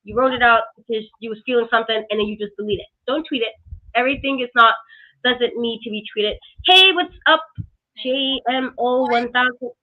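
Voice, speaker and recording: A woman's voice: fairly high pitch, brisk. Ranting woman on a tinny call. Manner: animated, ranting, sarcastic asides. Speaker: wrestling reviewer. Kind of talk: casual review chat. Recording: tinny phone-like call audio.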